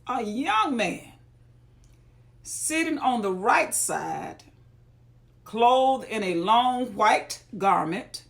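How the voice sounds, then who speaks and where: A woman reads Bible verses aloud and breaks off to explain them in folksy, everyday asides, paraphrasing scripture as a reader and teacher. Her voice is fairly high, creaky and a bit bright.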